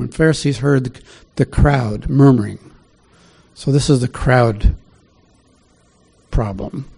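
A male pastor teaches from scripture in a relaxed, conversational sermon, often stopping to ask his listeners questions. His mid-pitched voice is dark, mellow, creaky and slightly rough, and he speaks slowly with frequent pauses.

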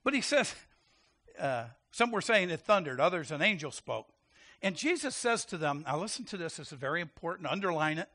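Animated, high-voiced male preacher. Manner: animated, quick to laugh, calls out to the congregation. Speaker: pastor. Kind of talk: sermon.

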